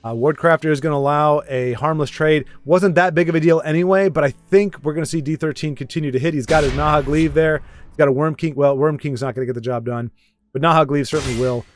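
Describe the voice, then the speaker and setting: A man's voice: on the high side, fairly even intonation, fast, slight background noise. A man casually commentating a card game match, chatty and self-deprecating, rambling with frequent restarts.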